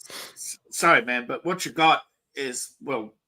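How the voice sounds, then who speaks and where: A man's voice: medium pitch, a little slow, sharp tone, low-quality recording. A man hosting a casual political talk show, rambling and opinionated, with frequent restarts. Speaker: podcast host.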